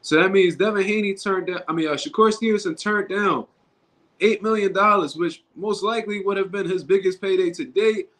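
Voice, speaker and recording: A man's voice: sits high, fairly quick, fairly bright tone. A man talking casually on his own livestream, in loose street slang and often restarting his sentences. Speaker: boxing commentary YouTuber.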